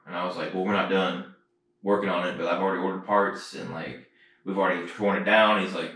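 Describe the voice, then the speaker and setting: Man, lower voice, profane storyteller, far from mic, echoey room. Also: fast, fairly bright tone. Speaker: podcast co-host. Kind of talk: casual storytelling chat. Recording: roomy echo, distant mic.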